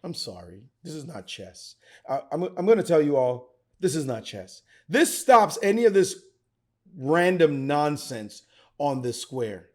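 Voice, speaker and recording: Excitable middle-aged man, chess lesson, theatrical, slightly high voice, swings all over in pitch. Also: a little slow. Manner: excitable, theatrical, talks straight to the viewer. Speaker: chess grandmaster teaching. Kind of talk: animated chess commentary.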